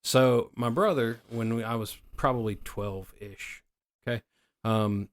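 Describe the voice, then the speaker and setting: A man's voice: mid-range voice, measured pace. A middle-aged man telling profane stories in a casual podcast chat. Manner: profane, animated storyteller. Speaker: podcast co-host.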